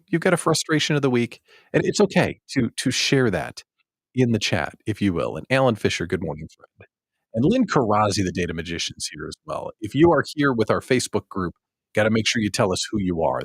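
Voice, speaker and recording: Male host, animated storyteller with a husky, swooping voice, dry close sound. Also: lowish voice, no room sound. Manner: animated storyteller, self-mocking, acts out his own past thoughts. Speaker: host of a small business show. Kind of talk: casual livestream monologue.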